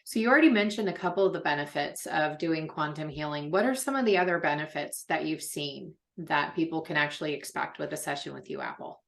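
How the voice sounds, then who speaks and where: Woman host, deep voice, lots of fry, dry sarcastic jokes. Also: fairly quick, hardly any pauses, fairly bright tone. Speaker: podcast host. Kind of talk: interview questions.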